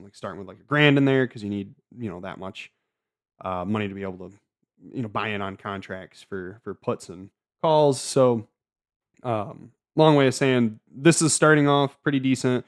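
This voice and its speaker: A man's voice: mid-range voice, smooth. A man hosting a casual solo trading recap, rambling with frequent stammers, restarts and filler words. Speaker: trading channel host.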